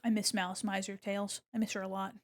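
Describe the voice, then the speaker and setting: A young woman streaming as she draws, chatting casually and muttering softly to herself as she works. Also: mid-range voice, flat delivery, quick pace. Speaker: streamer drawing live. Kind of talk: casual chat while drawing.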